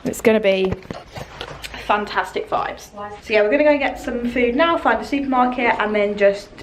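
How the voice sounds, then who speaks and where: Bubbly young woman vlogging on a phone, slightly high voice, roomy sound. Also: moderate pace. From United Kingdom. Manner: chatty, bubbly, laughs often. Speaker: travel vlogger. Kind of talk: casual vlog chat. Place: hotel room. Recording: echoey room, faint background noise.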